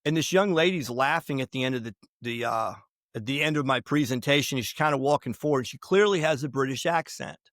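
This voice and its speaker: A man's voice: mid-range voice, brisk, fairly bright tone, dry recording, clean studio sound. A man speaking as a podcast guest, telling history stories and giving emphatic opinions in a conversational interview. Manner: emphatic, opinionated, digressive with restarts.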